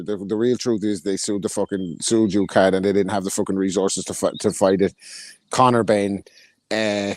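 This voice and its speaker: A man's voice: fairly low pitch, a little mellow, no room sound. A man co-hosting a podcast, talking bluntly in casual chat with lots of swearing. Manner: blunt, heavy swearing, rapid opinionated rants. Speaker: podcast co-host.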